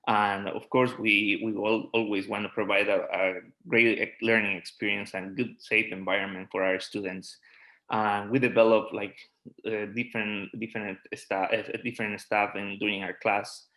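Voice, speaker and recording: Halting, supportive man teacher with a lowish voice. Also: little pitch movement, rough recording. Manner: warm, supportive, halting, restarts words. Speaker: PE and health teacher. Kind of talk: presentation on a video call.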